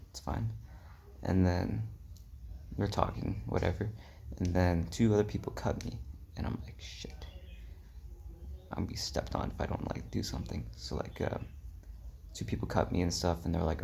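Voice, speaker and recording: Young dude rambling thru a travel story, deep gravelly voice, lots of likes and ums, faint hiss behind. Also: male voice, a little mellow. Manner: rambling, heavy on "like" and "um", drops into whispery asides. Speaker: travel vlogger. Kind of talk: casual storytelling vlog.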